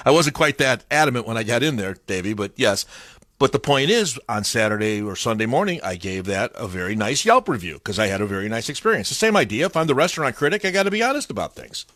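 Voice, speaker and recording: A man from Chicago hosting a morning radio show, chatting casually in an animated, storytelling way at a studio mic. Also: medium pitch, a little fast, no room sound. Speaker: radio host. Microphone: studio microphone.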